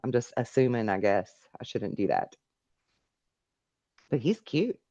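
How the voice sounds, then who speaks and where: A woman's voice: extremely low pitch, very animated, unhurried, warm tone, no room sound. A middle-aged woman hosting a live call-in stream, chatting casually and reading viewer messages aloud. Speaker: live call-in show host.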